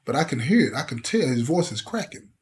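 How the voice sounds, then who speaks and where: Telling a personal story with fierce emotion, a middle-aged man performs the voices of the people involved as he hosts. His medium-pitched voice has a sing-song lilt and moves a little fast.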